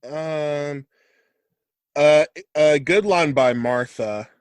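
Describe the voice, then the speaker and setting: A man's voice: mid-range voice, pushed and bright, no echo, studio quality. A man co-hosting a podcast in casual chat, upbeat and joking. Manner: upbeat, quick to quote and joke. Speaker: podcast co-host.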